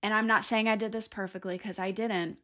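A middle-aged woman hosts a Christian teaching talk, telling a story from her own life. Her voice is bright and forward. She acts out her own prayers with earnest feeling. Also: mid-range voice, steady tone, a little fast. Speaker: podcast host.

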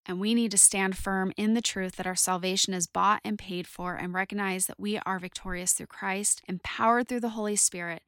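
A woman's voice: medium pitch, fairly even intonation, normal speed, few pauses, fairly bright tone, dry recording, studio quality. A woman in her forties giving devotional Bible teaching, earnest and conversational, reading scripture and telling stories from her own life.

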